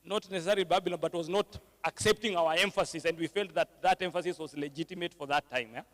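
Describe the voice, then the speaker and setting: A man's voice: on the high side, quick pace, fairly bright tone, in a large hall. A man moderating a church panel discussion, switching between English and Swahili, with frequent fillers and tag questions.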